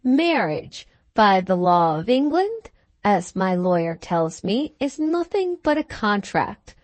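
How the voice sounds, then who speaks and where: A rich, self-possessed woman who cuts down criticism without raising her voice, as a woman reader plays her. She speaks slowly and deliberately, with a lively lilt and a dry, close sound. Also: medium pitch, no room sound. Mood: coolly defiant. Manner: calm, cutting and composed. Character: wealthy, cool, self-assured woman engaged to a young lord.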